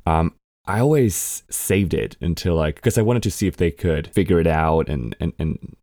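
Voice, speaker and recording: Young Swedish podcast host with a learned American accent, low voice, candid and self-mocking, close dry mic. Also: male voice, normal speed, warm tone, no echo. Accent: American English learned by a Swedish speaker. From Sweden. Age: 20s. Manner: chatty, candid, swears casually, laughs at himself. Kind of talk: casual solo podcast monologue.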